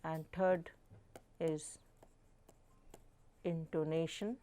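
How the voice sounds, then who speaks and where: A middle-aged woman professor with an Indian English accent gives a slow, deliberate lecture, repeating definitions and stressing words to demonstrate pronunciation. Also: low voice, fairly even intonation, warm tone. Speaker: professor teaching a live online course.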